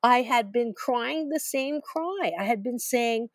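A woman's voice: on the high side, animated, slow pace, few pauses, no room sound. A middle-aged woman telling her personal story as an author in an interview, emphatic and repetitive, with self-deprecating humor. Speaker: author and guest.

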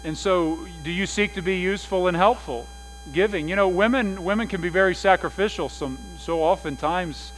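A middle-aged man preaching a sermon as pastor, telling family stories with lively put-on voices for humor. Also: high-pitched, moderate pace, poor audio. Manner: animated storytelling, mimics voices for laughs. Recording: faint mains hum.

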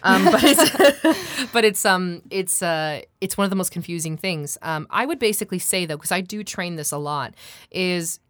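A woman working as a coach, explaining her methods in a chatty, animated way with lots of fillers and restarts. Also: on the low side, normal speed, hardly any pauses, no echo, studio quality. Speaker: accent and dialect coach. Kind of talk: conversational interview.

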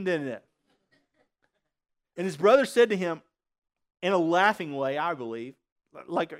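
High-voiced male preacher, rhetorical questions. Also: expressive, moderate pace, long pauses, fairly bright tone. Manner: asks the congregation rhetorical questions. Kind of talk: sermon.

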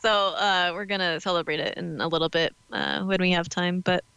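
Bright-voiced woman in casual chat. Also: lowish voice, fairly even intonation, a little fast, creaky, clean tone, muffled recording. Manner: laughs often, supportive listener.

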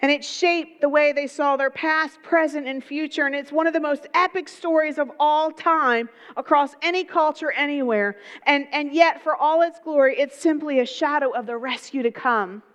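A woman preaching a sermon, telling the story in a lively way with folksy asides. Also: sits high, moderate pace, hardly any pauses, long reverb tail.

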